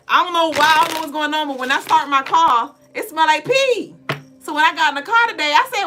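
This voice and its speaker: A woman's voice: sits high, a little fast, over music. A woman, co-hosting a spiritual live stream in casual, profane, joking talk. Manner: profane, joking, animated storytelling. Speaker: podcast co-host.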